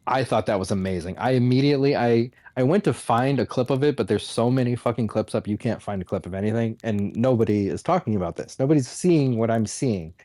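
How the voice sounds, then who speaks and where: Male podcast host, mocking comedic rant, mid pitch, dry close mic. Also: fairly quick, few pauses, no room sound. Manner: animated, mocking, laughs often.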